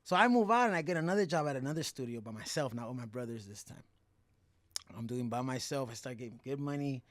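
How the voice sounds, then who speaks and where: A young man talks openly about his past as a podcast guest, in a voice of middling pitch. He swears freely, switches between English and mid-sentence, and keeps his telling lively. The sound is dry and close, with no room around it. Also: quick pace, no room sound. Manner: mixes English and Spanish, swears freely, animated. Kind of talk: casual candid storytelling.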